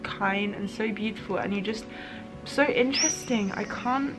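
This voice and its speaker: A woman's voice: medium pitch, moderate pace, over music. A young woman in her twenties, talking through her thoughts in a reflective, emotional diary-style vlog. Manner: emotional, musing, tearful at times. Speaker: vlogger.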